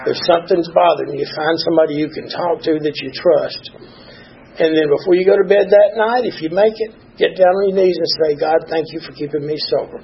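A man's voice: fairly high pitch, brisk, gravelly. A man giving a plainspoken, earnest, rambling personal share at a recovery meeting. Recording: dull lo-fi recording.

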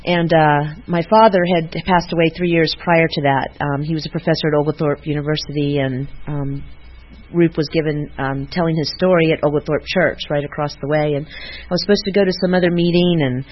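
A woman speaking at a recovery meeting, giving a personal tribute in a halting way, full of fillers and restarts. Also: low voice, fairly even intonation. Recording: muffled lo-fi recording.

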